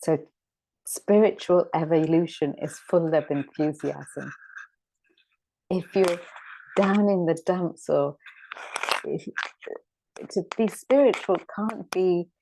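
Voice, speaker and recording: A woman's voice: on the low side, takes it slowly, gravelly, long pauses, dark tone, a little hiss or hum, rough recording. A woman teaching a scripture discussion class, reflective and returning again and again to key words. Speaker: spiritual teacher.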